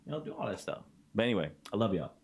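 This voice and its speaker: A young man, a streamer and vlogger, talks to camera in a casual motivational vlog, racing along and very animated. Blunt and passionate, he swears freely and swings between low mutters and loud outbursts.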